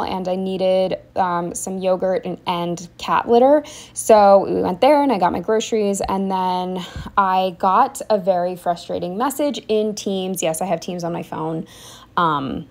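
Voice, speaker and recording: A woman's voice: medium pitch, vocal fry. Chatty young woman rambling through her week. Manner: chatty, rambling, frequent fillers and restarts. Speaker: vlogger. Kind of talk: casual diary-style chat.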